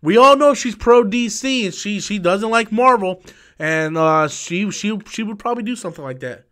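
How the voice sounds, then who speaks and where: A man hosting a live stream, talking casually and profanely, repeating himself and quickly flaring into angry rants at viewers. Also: high-pitched, expressive, bright, forceful tone, clean tone. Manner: profane, repetitive, quick to anger. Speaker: livestream host.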